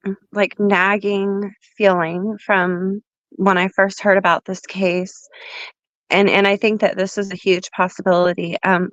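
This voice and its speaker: A woman's voice: medium pitch, a bit bright, dry recording. Groggy woman caller on muffled audio. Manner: rambling, hesitant, with fillers. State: groggy morning voice. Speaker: caller on a livestream. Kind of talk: casual call-in chat.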